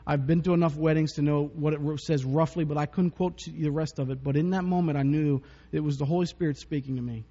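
Man, pastor, sermon, conversational, joking, slightly high voice, long hall reverb, muffled sound. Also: fairly even intonation, fast, hardly any pauses, mellow. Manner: conversational and joking, with frequent chuckles. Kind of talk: sermon with personal stories.

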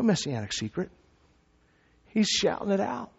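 Man preaching in a reverberant hall. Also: animated. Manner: builds from low, measured teaching to loud shouted emphasis. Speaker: pastor. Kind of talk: sermon. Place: church sanctuary. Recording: reverberant hall, slightly dull sound.

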